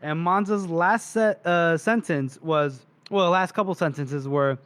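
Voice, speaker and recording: A man co-hosting a casual book podcast, with a slightly higher voice than most men. He recaps the chapter with animated energy and slips into the characters' lines as he tells it. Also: measured pace, few pauses, clean tone. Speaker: podcast co-host.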